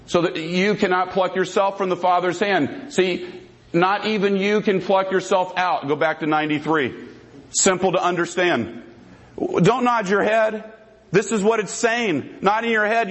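A man with a notably high voice argues his case in a formal debate. He speaks emphatically and hammers home each point by repeating it. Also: fairly bright tone, poor audio.

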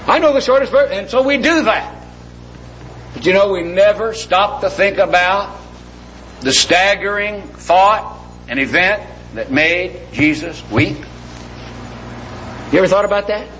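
A middle-aged man preaching a sermon, slowly drawing out scripture and then rushing through quick asides. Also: high-pitched, fairly bright tone, slight background noise, low-quality recording.

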